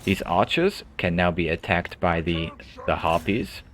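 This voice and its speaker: A deep-voiced man narrates a strategy game for beginners. He explains each move in a calm, thinking-aloud way, often repeating a word before going on. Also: unhurried, faint music behind. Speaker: gaming tutorial host. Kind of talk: gameplay commentary.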